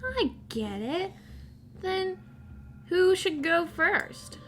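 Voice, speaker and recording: A woman's voice: very high-pitched, sing-song, very slow, a bit bright, a little hiss or hum, heavily acted. A woman voicing a determined young heroine warrior in a fan audio drama, speaking earnestly.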